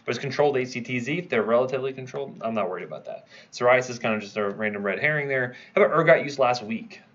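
A man's voice: mid-range voice, racing, fairly bright tone, lo-fi sound. A man teaching a pharmacology review class, quizzing students and checking in with "right?" as he goes. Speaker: pharmacology instructor. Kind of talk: review lecture.

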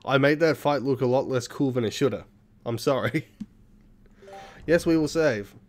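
A man's voice: medium pitch, normal speed, slight background noise. A man playing a video game and commenting in a rambling, self-deprecating way, swearing often. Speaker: let's play gamer. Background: video game music.

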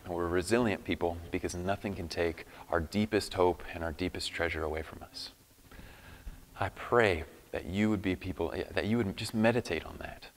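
Earnest low-voiced pastor in a reverberant hall. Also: male voice, moderate pace, slight background noise. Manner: earnest, emphatic, with frequent restarts. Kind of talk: sermon. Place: church hall.

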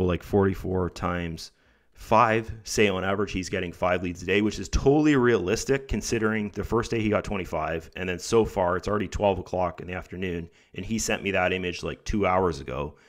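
A young online income vlogger talks casually to camera over a screen recording in a brisk, chatty way, drifting into pep-talk encouragement and nudging viewers with "guys" and "right?". His somewhat low voice sounds under the weather and a bit rough in the throat.

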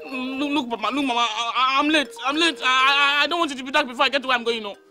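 A woman's voice: on the high side, fairly even intonation, quick pace. An actress with a Nigerian accent playing a defiant young woman who stammers when pressed. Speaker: young daughter. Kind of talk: Nollywood film acting. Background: loud film score music.

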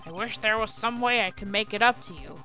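A loyal, bumbling police detective, earnest and apologetic, calling everyone pal in a bright, forceful voice, as a woman puts him on. He reads game dialogue aloud in a video game playthrough. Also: medium pitch, a little fast, soft background music, close to an everyday voice.

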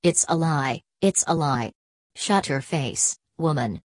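A woman voicing a drunken, brutish male coal miner who shouts in broad dialect. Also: a little high, lively intonation, slow pace, no echo, clean studio sound. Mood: angry. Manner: gruff dialect speech, shouting.

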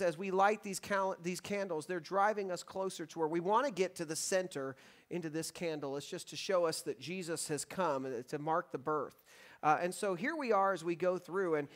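A man in his thirties with a high, light voice leads worship as pastor. He talks to the congregation in a relaxed, joking way. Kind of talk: sermon. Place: church sanctuary.

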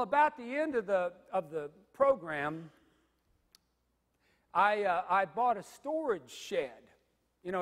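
A pastor in his fifties preaching a sermon, swinging from loud stressed phrases to hushed asides. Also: high-pitched. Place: church sanctuary. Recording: reverberant sanctuary.

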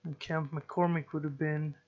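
A man giving slow let's play commentary, musing and thinking aloud as he plays. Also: fairly high pitch, level tone, a little mellow, dull audio. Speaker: gameplay commentator.

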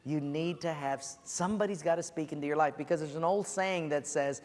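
A man's voice: fairly high pitch, brisk. A male pastor giving an earnest, conversational sermon in a large church hall.

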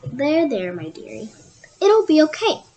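A woman's voice: high-pitched, wildly swooping pitch, unhurried, warm tone, dull audio, pitched above the performer's own voice, exaggerated voice. A woman voicing a kind, motherly female mole in a storybook, calling the listener dearie. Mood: kindly. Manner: motherly, calls others dearie.

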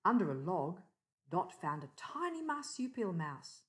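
An older woman reading a picture book aloud, slowly, pausing to point out the pictures. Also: fairly low pitch, very animated. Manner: slow, pauses to point out pictures. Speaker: storyteller.

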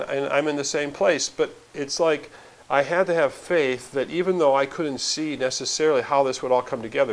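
A man speaking as a documentary filmmaker in an interview, earnest and reflective, often restarting his sentences. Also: medium pitch. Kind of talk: casual conversational interview.

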